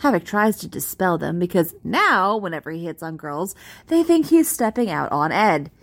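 A woman casually reading a fan-written post aloud, amused and expressive. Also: fairly low pitch, normal speed. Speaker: reader.

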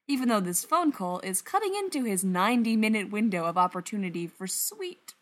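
Woman narrator, story reading, expressive, lively pitch, mid voice. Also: moderate pace.

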